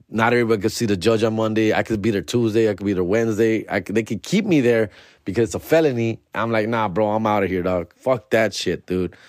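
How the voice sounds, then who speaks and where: A man's voice: on the low side, dry recording, clean studio sound. A young man, a podcast host telling a story in casual, profane slang mixed with Spanish.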